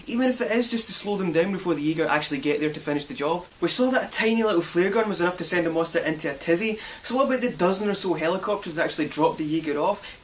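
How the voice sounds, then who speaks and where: A young Scottish man with a notably high voice delivers a sarcastic spoiler review and keeps firing off rhetorical questions. He sits a little back from the mic. A faint hiss runs under the recording. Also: lively intonation, fast talker, hardly any pauses, distant mic. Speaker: film reviewer. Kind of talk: spoiler film review monologue.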